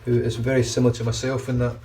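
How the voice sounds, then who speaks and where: A man's voice: medium pitch, monotone, quick pace, warm tone. A man chatting casually and rambling while he shaves his head, often restarting his sentences. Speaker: shaving vlogger. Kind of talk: casual running commentary while shaving. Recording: distant mic with faint background noise.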